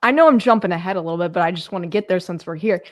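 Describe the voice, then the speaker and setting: A woman's voice: lowish voice, rapid-fire. A woman podcast host asking questions in a casual interview.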